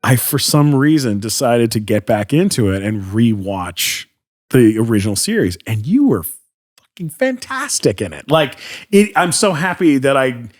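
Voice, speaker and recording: Man from canada, podcast guest, animated storytelling, lots of fillers, lively pitch. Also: normal speed. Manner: animated storyteller acting out quotes, many fillers. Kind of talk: casual anecdote telling.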